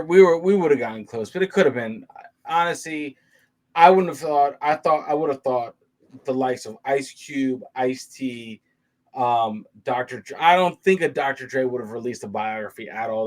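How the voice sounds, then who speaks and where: A man's voice: mid-range voice, moderate pace. Musing American man reacting. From United States. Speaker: video reactor. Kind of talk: casual chat.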